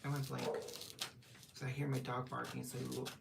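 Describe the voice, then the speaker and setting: Gravelly woman chatting on a livestream. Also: rumbling low, level tone, moderate pace. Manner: chatty, greets viewers, laughs often; talks while wrapping gifts. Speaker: livestream host. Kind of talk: casual livestream chat. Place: home at night. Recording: distant mic with loud background noise.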